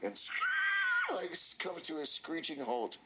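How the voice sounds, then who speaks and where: A man telling a funny story casually, animated and laughing as he goes, swearing freely. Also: fairly high pitch, normal speed, heavy background noise. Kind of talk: casual anecdote.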